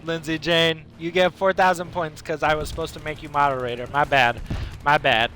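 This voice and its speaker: A man streams a game and spins a goofy story for his chat, voicing sound effects and quoting himself and friends. His tone is bright and forceful and sits a little high for a man. A faint hum of noise runs behind him. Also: normal speed. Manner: animated, acts out sound effects and voices in a tall tale.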